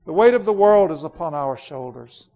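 A man's voice: a little high, expressive, normal speed, dark tone. A man doing a proud, ruthless ancient queen. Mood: cold, scornful. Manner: imperious and declamatory. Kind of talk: dramatic storybook reading.

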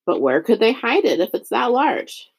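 A woman reading a worried, earnest young boy in a storybook, pitched a little higher than her narration. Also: very animated, moderate pace, husky, full character voice. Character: earnest boy hero, anxious and questioning.

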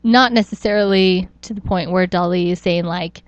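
A woman's voice: lowish voice, moderate pace, no room sound, highs cut off. A woman co-hosting a podcast in casual chat, rambling and restarting her sentences with frequent small laughs. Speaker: podcast co-host.

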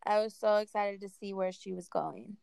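A woman's voice: mid-range voice, moderate pace, vocal fry, a little mellow, smooth, no echo. A young woman co-hosting a casual chat, talking in a laid-back, wry way with lots of fillers.

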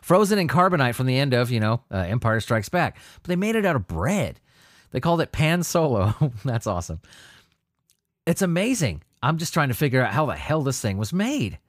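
A man's voice: medium pitch, fairly quick, no echo, studio quality. A man hosting a solo show, reading news stories and ranting about them with constant swearing and stumbling restarts. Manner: profane, animated ranting with frequent restarts. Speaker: podcast host reading news. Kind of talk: solo commentary on news articles.

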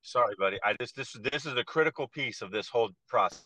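A man co-hosting a coaching podcast, earnest and measured as he lays out his ideas. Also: medium pitch, sharp tone, no room sound, low-quality recording. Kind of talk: reflective podcast talk.

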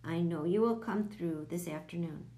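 A woman voicing a measured, kindly but firm male school principal in a children's story. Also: lowish voice, dark tone, natural voice.

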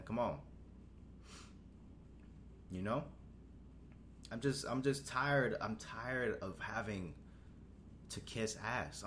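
A man's voice: medium pitch, a bit bright, a little hiss or hum. A young man hosting a casual solo podcast, rambling and swearing in a laid-back way, his voice jumping up when he gets worked up. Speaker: podcast host. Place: Houston, Texas.

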